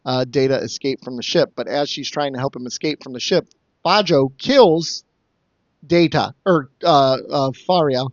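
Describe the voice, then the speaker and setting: A man's voice: medium pitch, normal speed, no room sound, muffled recording. A man co-hosting a casual podcast, rambling through jokey plot recaps and slipping into mock quoted voices. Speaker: podcast co-host summing up episodes.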